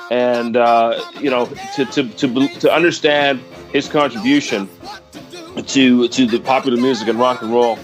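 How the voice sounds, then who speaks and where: A man co-hosting a podcast, speaking in a halting way with many restarts. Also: mid-range voice, fairly even intonation, faint music behind. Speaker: podcast co-host. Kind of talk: casual chat.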